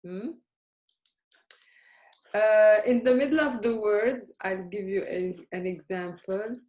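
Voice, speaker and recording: A woman's voice: mid-range voice, slow, a little mellow. A woman teaching a beginner Arabic lesson, patiently checking that her students follow. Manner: patient, questioning, checks understanding often. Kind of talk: live beginner language lesson. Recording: echoey room.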